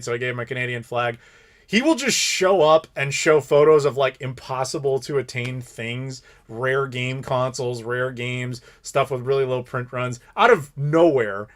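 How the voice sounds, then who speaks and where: A man in his thirties hosting a live Q&A stream, telling rambling stories in casual chat. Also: mid-range voice. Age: 30s. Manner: rambling, animated storytelling with laughs. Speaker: streamer host.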